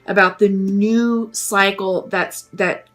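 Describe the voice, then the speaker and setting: Gentle musing woman reading tarot. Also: medium pitch, steady tone, slow pace. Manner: musing, gentle, hesitant with fillers. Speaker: tarot reader. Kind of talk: spoken tarot reading to camera.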